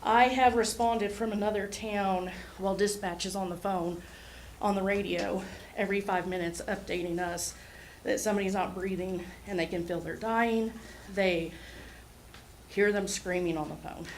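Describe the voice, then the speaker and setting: Speaking at a steady, moderate pace in a mid-range voice, an Oklahoma ambulance service administrator makes public remarks in a city hall meeting room. She comes across as earnest and a touch nervous, and the poor audio has a faint hiss or hum.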